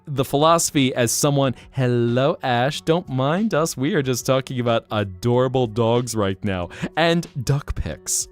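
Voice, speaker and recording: A man chatting casually on a live stream, gushing and laughing easily. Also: medium pitch. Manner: animated, chatty, quick to gush and laugh.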